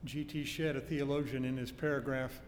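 A man's voice: steady tone, fairly quick. A man preaching an expository sermon, teaching earnestly with emphatic stresses and homely anecdotes. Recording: long hall reverb with faint low rumble.

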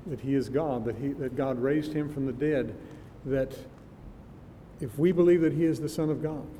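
At a normal speed and with a dark tone, an older man preaches conversationally, musing and sometimes laughing. His sermon is recorded in a reverberant hall that carries a faint rumble.

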